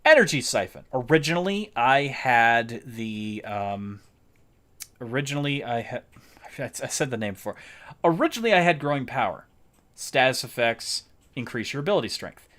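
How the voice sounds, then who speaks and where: A man's voice: medium pitch, animated, moderate pace, fairly bright tone. Brief: a chatty male streamer walking viewers through his build, casual and explanatory. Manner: chatty, explains game builds while playing. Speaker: game streamer. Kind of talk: casual live-stream commentary.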